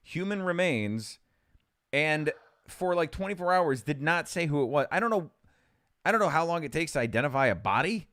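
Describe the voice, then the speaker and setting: A man with a smooth, resonant voice chats on a podcast, his pitch moving freely as he reacts and jokes. He fills the air with quick asides, recorded dry and close. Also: animated, fairly bright tone, no room sound. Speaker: podcast co-host. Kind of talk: casual chat.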